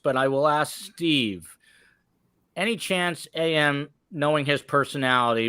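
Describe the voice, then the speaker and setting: Man, podcast host, upbeat chatty delivery, smooth resonant voice, dry close sound. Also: medium pitch, sharp tone, dry recording. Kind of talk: live podcast hosting, reading viewer comments.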